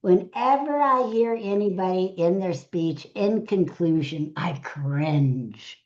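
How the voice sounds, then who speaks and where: A middle-aged woman with a low voice teaches public speaking in a slow, unhurried way. She counts off her tips, repeats each key line and checks in with her listeners. The recording is dull and lo-fi. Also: expressive, a little mellow. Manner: numbered tips, repeats key phrases, asks audience to check in. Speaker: speaker trainer. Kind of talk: live online teaching session.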